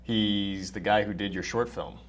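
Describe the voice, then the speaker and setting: A man's voice: fairly low pitch, fairly even intonation, measured pace. A man co-hosting a casual chat, eager and chatty.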